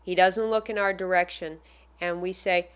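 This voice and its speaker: A woman casually telling a personal anecdote as a fan, animated and acting out the people she quotes. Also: on the low side, normal speed, clean tone. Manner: animated, acts out the voices of the people in her story.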